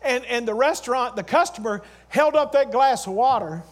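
Speaking at normal speed in a very high voice, this preacher alternates between quiet stories and loud exhortation. He repeats phrases and calls out to his congregation as he urges them on.

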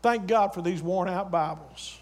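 High-voiced man preaching a sermon. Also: a little slow. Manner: exhorting with repeated phrases and calls to the congregation; swings from loud urging to quiet storytelling.

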